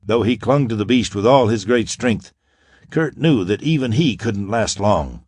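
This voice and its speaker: A man narrating a pulp science-fiction audiobook in a dramatic, expressive way. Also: lowish voice, measured pace, breathy edge, dry recording, clean studio sound.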